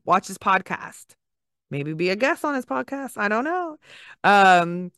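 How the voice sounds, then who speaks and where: A woman's voice: on the low side, fairly bright tone, smooth, no room sound, studio quality. A woman hosting a podcast, talking in an upbeat, gushing, encouraging way with lots of fillers. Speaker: podcast host. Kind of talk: casual podcast monologue.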